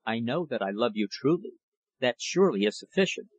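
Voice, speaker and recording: A man voicing an ardent young gentleman in a storybook reading, earnest and impassioned. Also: mid-range voice, lively intonation, a little fast, muffled recording, close to an everyday voice. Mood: desperate. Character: ardent young gentleman declaring his love.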